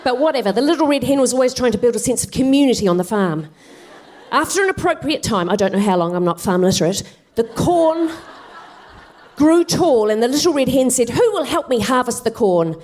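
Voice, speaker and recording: A woman's voice: fairly high pitch, expressive, brisk, darkish tone. A woman comedian doing live stand-up, telling a comic story in a wry, self-deprecating way.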